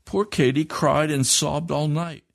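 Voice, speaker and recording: A man reading a story aloud to children, slowly and earnestly. His voice sits at a mid pitch. The recording is dry and close, with no room sound. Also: steady tone, gravelly, no room sound.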